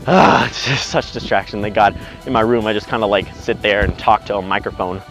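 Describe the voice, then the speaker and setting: A man's voice: on the low side, fairly quick, a bit bright, poor audio. A young man telling a story as he walks outdoors, rambling and blunt, swearing freely and acting out what each person said. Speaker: vlogger. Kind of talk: casual storytelling while walking. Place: outdoors on a windy walk. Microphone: handheld camera. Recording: windy outdoor camera audio over music.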